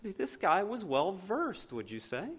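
A man's voice: sits high, sing-song, unhurried, breathy edge. A male pastor preaching a sermon, reading scripture aloud and asking the congregation rhetorical questions with emphatic delivery.

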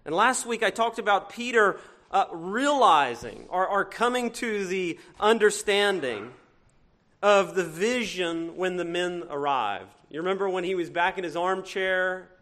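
A man with a Cajun accent mixed with a northern one, preaching a sermon in a church, talking to the congregation and asking rhetorical questions, at times loud and at times hushed. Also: sits high, animated, unhurried. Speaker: pastor.

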